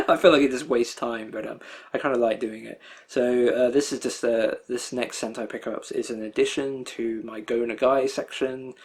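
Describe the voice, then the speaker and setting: Young male collector, casual vlog host, mid-pitched, meandering delivery with chuckles. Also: steady tone, normal speed. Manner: rambling, many fillers, chuckles often. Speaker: anime collector showing a disc haul.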